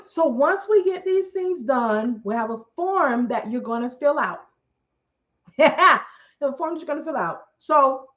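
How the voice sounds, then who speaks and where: A woman telling a long story in a casual, animated way, acting out what other people said. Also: high-pitched. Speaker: storyteller host. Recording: muffled lo-fi recording.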